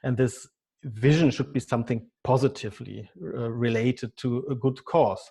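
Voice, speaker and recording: A man in his fifties with a German accent, a business consultant answering interview questions haltingly, often repeating words. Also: medium pitch, creaky, mellow, slightly rough. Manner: halting, repeats words, non-native phrasing. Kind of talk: podcast interview.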